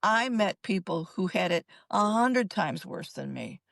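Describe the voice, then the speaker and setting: A woman's voice: medium pitch, animated, a little slow, creaky, fairly bright tone, dry recording. An older woman, a psychologist, telling her own story in an interview in an emphatic, earnest way. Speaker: guest psychologist.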